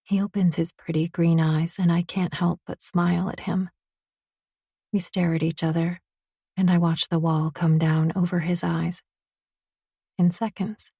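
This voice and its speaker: Audiobook narrator: woman, low husky voice, intimate first-person romance read, dry close booth sound. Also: warm tone, no room sound. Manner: intimate, confessional reading.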